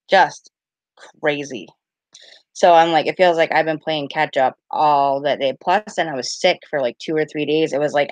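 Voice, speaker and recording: Low-voiced chatty woman in her thirties. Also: dry recording. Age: 30s. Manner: rambling, chatty, full of "like" and "I was like"; greets chat viewers warmly by name. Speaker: live-stream card reader. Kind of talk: casual live-stream chat. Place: home at night.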